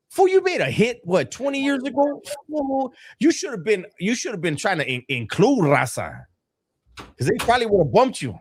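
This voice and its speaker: A man's voice: high voice, sing-song, unhurried. A man, co-hosting a live stream, telling stories in casual chat full of street slang and swearing.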